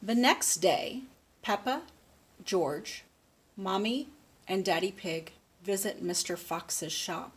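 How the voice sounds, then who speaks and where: A woman reading a picture book aloud slowly and patiently, stopping to ask a child questions. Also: medium pitch, slightly rough. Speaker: speech therapist.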